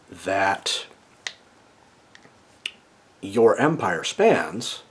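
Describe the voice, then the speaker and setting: Lower-voiced man explaining things. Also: expressive, unhurried, long pauses, a little mellow. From United States. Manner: lecturing, checks in with a frequent "okay?". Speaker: video essayist. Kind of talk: casual explanatory monologue.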